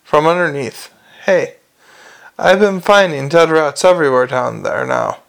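A tiny, foul-mouthed male gnome, put on by a man reading a storybook. His voice sits high and grates with gravel. He is blunt and cheerfully mercenary. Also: expressive, measured pace, fairly bright tone, full character voice.

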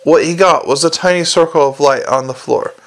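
Gravelly man reading a comic novel. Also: a little high, a little fast. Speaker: audiobook narrator.

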